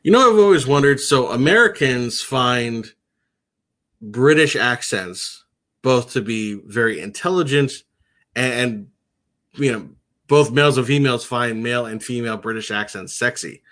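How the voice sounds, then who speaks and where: A man's voice: mid-range voice, lively intonation, normal speed, fairly bright tone. A man co-hosting a sports radio show in casual chat, with dry, laconic replies. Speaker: podcast co-host.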